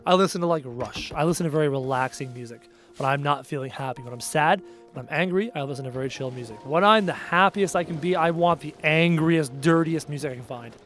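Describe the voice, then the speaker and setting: A young man with a high voice talks casually on a live stream, answering chat bluntly and hammering his points with repetition. Faint music plays quietly behind him. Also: fast talker. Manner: blunt, emphatic, repeats phrases for punch.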